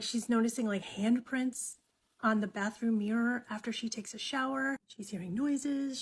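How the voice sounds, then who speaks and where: Breathy woman telling a creepy tale. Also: on the high side. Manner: dramatic, drops into hushed whispers, swears casually. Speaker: storyteller. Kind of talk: casual true-crime storytelling.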